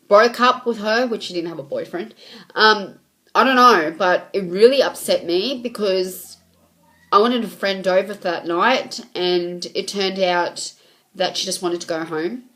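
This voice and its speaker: A woman's voice: medium pitch, a bit bright. A young woman telling a rambling story to camera, full of ums and reported speech. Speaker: vlogger. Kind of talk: casual storytime vlog.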